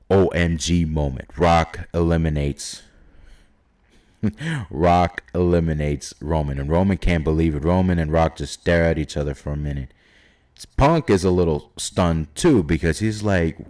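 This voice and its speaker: Low-voiced man rambling through predictions. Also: darkish tone. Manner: rambling, hesitant with many fillers. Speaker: YouTube wrestling predictor. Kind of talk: casual solo prediction talk.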